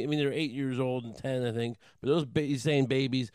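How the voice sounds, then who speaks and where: A man doing a rambling comic monologue, deadpan and crude, halting with many fillers. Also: medium pitch, clear, resonant tone, no echo, studio quality. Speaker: comedian.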